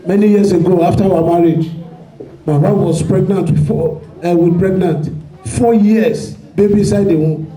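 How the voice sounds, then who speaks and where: A man who is a pastor, preaching a sermon with fervor and shouting prayer declarations. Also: high voice, fairly even intonation, normal speed, echoey room, poor audio. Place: church hall.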